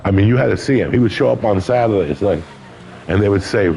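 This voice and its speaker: A man's voice: lowish voice, fast, creaky, warm tone, a little hiss or hum, poor audio. An older man telling stories in a casual interview, colorful and profane, acting out other people's lines. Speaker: guest. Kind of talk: casual storytelling.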